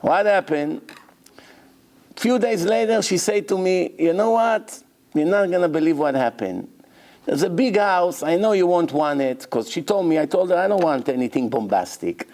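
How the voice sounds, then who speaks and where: A rabbi gives a Torah lecture and tells a long personal story. His gravelly voice sits a little high and swings widely in pitch as he plays out the dialogue. He jumps between his own voice and the people he quotes. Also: normal speed. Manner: animated storyteller, acts out both sides of dialogues.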